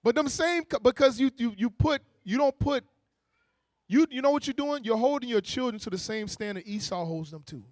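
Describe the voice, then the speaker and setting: A man preaching a sermon in a lively, conversational way, using with slang, quick restarts and playful mocking asides. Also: very high voice, no echo, clean studio sound. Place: church meeting hall.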